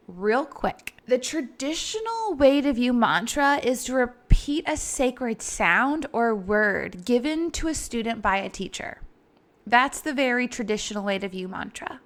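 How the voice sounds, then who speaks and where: Chatty woman teaching yoga breathing. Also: fairly high pitch. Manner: relaxed and chatty, laughs now and then. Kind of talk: casual instructional talk.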